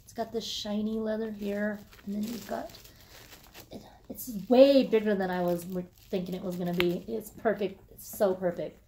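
A woman filming a casual unboxing vlog, gushing with excitement and swearing casually as she shows off what she got. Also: medium pitch, normal speed, a little hiss or hum. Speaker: vlogger.

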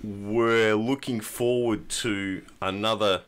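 Bright-voiced Australian man, jokey podcast chat. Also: on the low side, fairly even intonation, slow pace, smooth. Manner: jokey, laughs often. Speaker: podcast co-host. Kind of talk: casual chat.

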